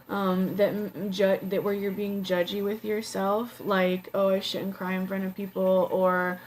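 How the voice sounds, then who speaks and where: Slow, blunt, chatty woman tarot reader. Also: mid-range voice, slight background noise. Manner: blunt, profane, chatty with many fillers. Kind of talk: casual tarot reading.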